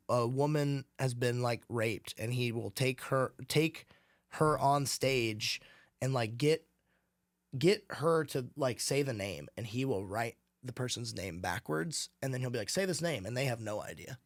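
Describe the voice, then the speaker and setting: Young male guest, casual and animated, slips into voices as he retells conversations. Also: medium pitch, measured pace. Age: young adult. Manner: animated, swearing, acts out quoted voices. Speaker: podcast guest, real estate team leader.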